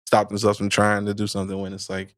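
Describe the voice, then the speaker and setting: A man's voice: lowish voice, monotone, no room sound, clean studio sound. A man as a podcast guest, chatting casually and giving advice in a rambling way with lots of fillers. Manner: quick, rambling, many fillers and restarts. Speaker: podcast guest, video marketer.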